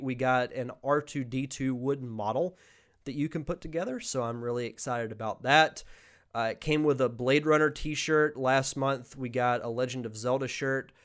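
A young man hosting a podcast, chatting casually through a live Q&A, reading viewer questions aloud and answering off the cuff. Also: mid-range voice. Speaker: podcast host.

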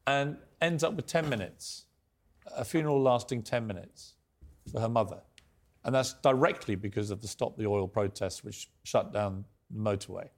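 A man's voice: lowish voice, normal speed. Pressing English male host. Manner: pressing, interrupting. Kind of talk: combative interview.

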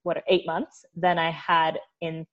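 Lively storytelling woman, muffled sound. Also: low-pitched, takes it slowly. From United States. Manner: animated storyteller, laughs often. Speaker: guest, olive oil producer. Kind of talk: casual interview storytelling.

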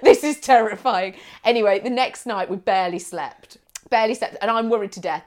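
A woman's voice: medium pitch, fast talker. A woman telling a holiday story in casual chat, acting out the people she quotes and laughing often. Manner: animated storytelling, bursts into laughter, acts out quotes.

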